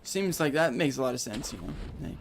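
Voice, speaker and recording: A man's voice: medium pitch, animated, brisk, creaky, a little hiss or hum. A man streaming a video game, chatting casually and sarcastically with his viewers. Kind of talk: casual gaming stream chat.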